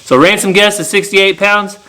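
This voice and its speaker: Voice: mid-range voice, fairly even intonation, normal speed, pushed and bright, rough recording. An adult farm vlogger chatting casually outdoors and teasing a child playfully. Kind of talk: casual farm vlog chat.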